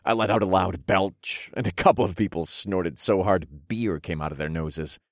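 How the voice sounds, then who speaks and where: A man narrating a fantasy audiobook in first person, with relaxed, wry storytelling. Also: sits low, normal speed, no echo, studio quality.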